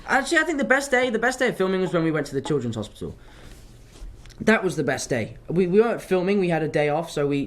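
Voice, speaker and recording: Chatty young man, slightly high voice. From London, England. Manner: rambling, chatty storytelling, drifts off topic. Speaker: actor answering fan questions. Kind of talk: casual livestream Q&A.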